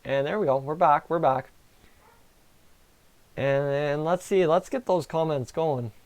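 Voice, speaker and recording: A Canadian man hosting a live stream, giving excitable, chatty reaction commentary on a hockey game and talking to his viewers. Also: fairly high pitch, a little slow. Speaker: livestream host.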